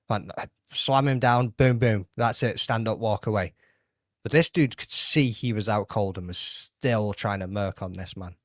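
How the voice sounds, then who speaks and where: A man's voice: lowish voice, no echo, studio quality. A man on a streamed video call giving emphatic, slangy opinions in casual podcast chat. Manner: emphatic, repeats points, slangy. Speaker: podcast panelist.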